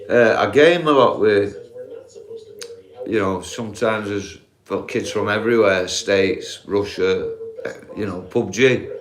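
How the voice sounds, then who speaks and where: A middle-aged man with a Yorkshire accent chatting live to viewers from a dark bedroom while lying down, talking in a blunt, sweary, earnest way. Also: on the low side, roomy sound. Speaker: livestreamer. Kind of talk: casual live chat reading viewer comments.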